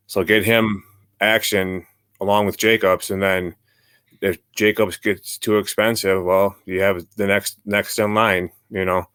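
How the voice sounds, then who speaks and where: A man hosting a sports podcast, chatting about football in a relaxed, conversational way. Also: on the low side, smooth, no room sound. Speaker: podcast host. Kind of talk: casual sports chat.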